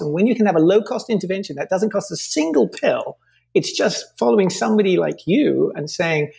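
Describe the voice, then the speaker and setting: A man's voice: high-pitched, animated, brisk, gravelly, a little mellow. A man speaking as a podcast guest in an interview, earnestly making his case with figures and examples. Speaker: podcast guest, company founder. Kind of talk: interview conversation.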